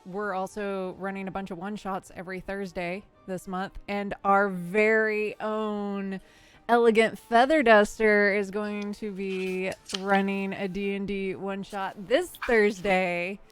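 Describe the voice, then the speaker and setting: A woman game master chatting casually on a live stream, relaxed and rambling with fillers. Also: mid-range voice, a little slow, smooth, faint music behind.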